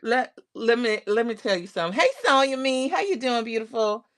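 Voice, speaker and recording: Speaking briskly at a fairly high pitch, she runs a casual crafting stream. Between welcoming viewers by name and reading out their comments, she narrates her own crafting under her breath.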